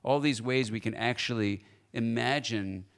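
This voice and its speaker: A man speaking as a guest lecturer at a church forum, lively and playful, often asking the audience questions. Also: medium pitch, a little slow, creaky.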